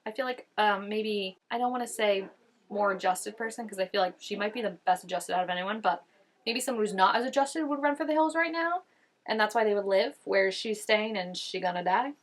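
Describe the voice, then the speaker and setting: A woman's voice: mid-range voice, animated, fairly quick. Chatty young woman reacting to TV. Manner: chatty, musing, heavy on "like" and "I don't know". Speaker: TV reaction host. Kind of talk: casual reaction commentary.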